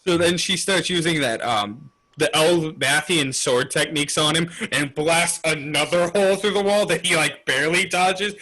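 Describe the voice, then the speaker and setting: A man co-hosting a podcast, excitedly recapping a comic chapter in casual chat and laughing often. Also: fairly high pitch, moderate pace, few pauses, rough recording. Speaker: podcast co-host.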